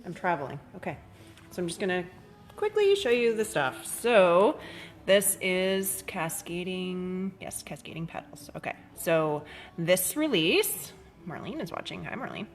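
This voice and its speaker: A chatty woman hosts a live craft-supply demo, her voice sitting a little low. She talks loosely with plenty of "um"s and stops to greet viewers by name. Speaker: craft shop host. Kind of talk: live-streamed product demo.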